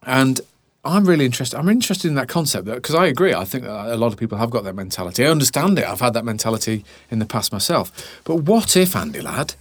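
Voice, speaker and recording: A man in his forties, chatting casually as a podcast host and telling animated stories, sometimes dropping to a hushed whisper for effect. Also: mid-range voice, fast talker, few pauses, no room sound. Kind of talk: casual chat.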